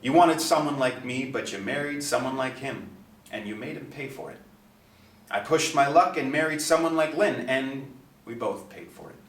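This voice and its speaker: A man voicing a dignified, grieving middle-aged superstar father who speaks in a composed, measured way in a storybook reading. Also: mid-range voice, lively intonation, pitched above the performer's own voice, close to an everyday voice. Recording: echoey, distant mic.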